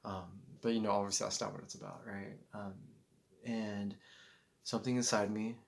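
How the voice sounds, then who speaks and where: Gravelly low-voiced man telling a story. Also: level tone, normal speed. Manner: rambling, many fillers and restarts; acts out quoted voices. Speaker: vlogger. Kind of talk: casual storytelling to camera.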